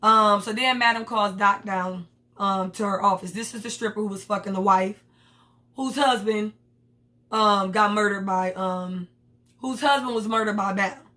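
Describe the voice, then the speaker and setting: A woman's voice: medium pitch, fairly even intonation, normal speed, sharp tone. A woman talking through a TV episode in a loose, casual way. She is blunt, slangy and swears freely. She slips into the characters' lines as she retells the scenes. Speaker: TV episode reviewer.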